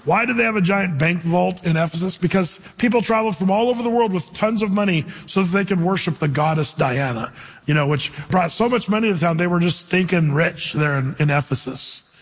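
A male pastor giving an animated sermon, asking his listeners questions and acting out quoted voices. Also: high voice, a little fast, slightly rough, big-room sound.

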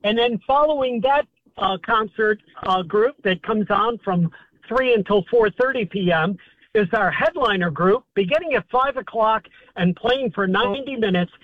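A man's voice: high voice, normal speed, no echo. A man, a festival volunteer, eagerly promoting an event during a phone interview. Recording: tinny phone line.

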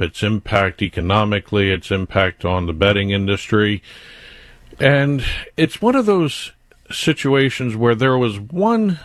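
A man's voice: fairly low pitch, dry recording, clean studio sound. A man co-hosting a casual radio talk show, a bit sarcastic and rambling. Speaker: executive producer and co-host.

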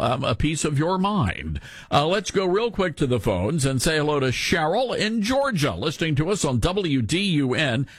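A man's voice: on the high side, a bit bright, no echo. A man hosting a talk radio show into a studio microphone, sarcastic, with mocking asides and put-on coughing fits.

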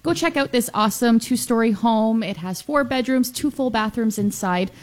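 A woman's voice: a little high, moderate pace. A woman co-hosting a radio real estate show, chatting in a friendly way and laughing easily. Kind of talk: casual radio talk. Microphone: studio microphone.

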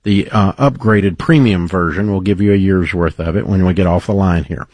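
A man's voice: low-pitched, moderate pace, a little mellow, no room sound. A man hosting a call-in advice show, talking in an encouraging, folksy, faith-based coaching way, with studio mic sound. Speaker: radio show host.

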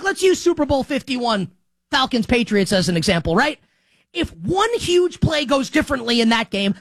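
Fired-up high-voiced New man. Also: dry recording, rough recording. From New York. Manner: excitable, ranting, emphatic. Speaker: sports talk show host. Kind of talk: animated sports talk monologue.

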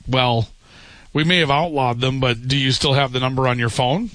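A man's voice: mid-range voice, moderate pace, a bit bright, no room sound. A man hosting a talk radio show, giving blunt, opinionated takes and reading out listener texts. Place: radio studio. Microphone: studio microphone.

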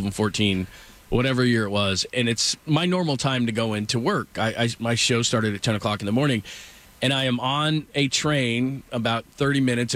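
A man's voice: medium pitch, fairly bright tone. A middle-aged man hosting a casual sports talk show, rambling through stories with lots of asides. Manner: rambling storyteller with frequent asides.

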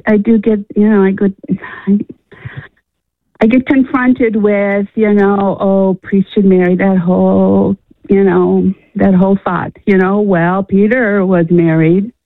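Female caller on a phone line: raspy, dry, hesitant, keeps restarting. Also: mid-range voice, level tone, measured pace, no room sound. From Illinois. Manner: hesitant, laughing, restarts often. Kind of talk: phone-in conversation.

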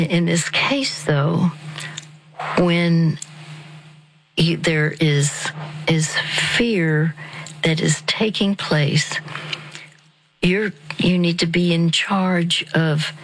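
A woman counseling a caller in a soft, near-whispered voice, halting with many fillers as she guides slow breathing. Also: low voice, a little hiss or hum, poor audio. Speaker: Christian counselor. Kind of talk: slow, soothing counseling on a call-in show.

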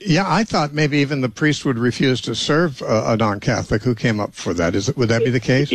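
A man's voice: medium pitch, a little fast, dry recording. A man hosting a call-in radio show, talking with callers in a patient, conversational way.

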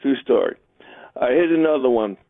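A man's voice: mid-range voice, moderate pace, no room sound. A man calling in to a radio show, rambling and joking, mimicking other people's voices. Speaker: caller. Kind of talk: call-in radio chat. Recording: tinny phone line.

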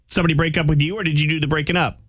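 A male radio host who jokes around and laughs a lot. His voice sits a bit high for a man, and the studio sound is dry and close. He keeps the chat loose and playful. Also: little pitch movement, racing, a bit bright, no echo. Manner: joking, laughs often.

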